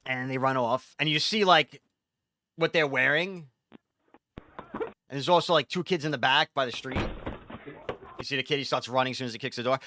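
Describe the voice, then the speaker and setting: A man, a streamer, telling a story in casual, profane, animated talk. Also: mid-range voice, moderate pace, long pauses, a little hiss or hum.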